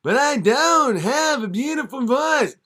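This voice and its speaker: A man doing a squeaky shouting whiny singer. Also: animated, measured pace, heavily acted. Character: whiny squeaky male singer craving fame.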